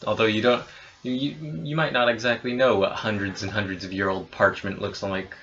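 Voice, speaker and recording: A man's voice: fairly low pitch, little pitch movement, a little fast, fairly bright tone. A man running a tabletop game as game master, narrating and teasing his players with casual swearing. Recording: dull lo-fi audio.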